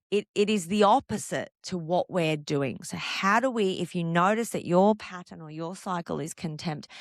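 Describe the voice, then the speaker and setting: A woman hosting a podcast on couples' relationships, calmly explaining and asking the listener one rhetorical question after another. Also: fairly low pitch, no echo, clean studio sound. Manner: calm, explanatory, reassuring. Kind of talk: solo podcast monologue.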